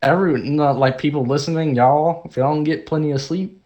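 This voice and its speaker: A man's voice: a little high, fairly even intonation, a little fast, a little mellow, lo-fi sound. A young man co-hosting a podcast, joking in a playful, mock-menacing way during casual chat. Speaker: podcast co-host.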